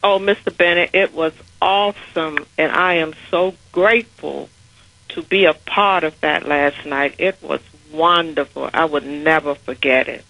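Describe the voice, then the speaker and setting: A woman's voice: low voice, steady tone, measured pace, vocal fry, lo-fi sound. A middle-aged woman calling in to a radio show, gushing with gratitude. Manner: grateful, gushing. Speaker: caller, honoree.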